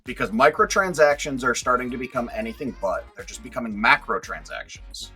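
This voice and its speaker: A man's voice: mid-range voice, animated, a little fast, pushed and bright, husky, faint music behind. A man co-hosting a gaming podcast in casual chat, ranting about game prices in an opinionated way. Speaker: podcast co-host.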